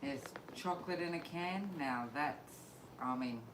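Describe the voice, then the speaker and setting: Mid-pitched voice in an echoey noisy room. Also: measured pace. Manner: laughing, easygoing banter. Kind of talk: casual live-stream chat. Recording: echoey room with steady noise.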